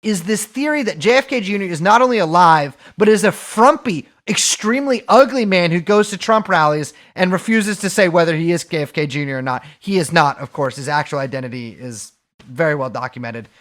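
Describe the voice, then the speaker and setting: A man's voice: sits high, brisk, a bit bright. A man co-hosting a podcast, talking casually with a sardonic, swearing edge. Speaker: podcast co-host.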